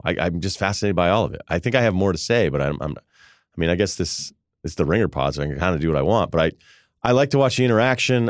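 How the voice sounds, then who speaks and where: Low-voiced man rambling with amused laughs. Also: dry recording, clean studio sound. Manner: rambling, self-amused storytelling with frequent laughs. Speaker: podcast host. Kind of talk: casual comedic monologue.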